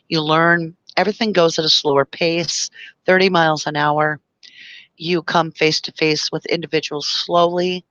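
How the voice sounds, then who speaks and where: A woman's voice: sits low, a bit bright, no echo, lo-fi sound. A woman hosting a live stream, speaking with passion and emotion, reading viewer comments and explaining through long analogies. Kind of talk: impassioned live-stream talk.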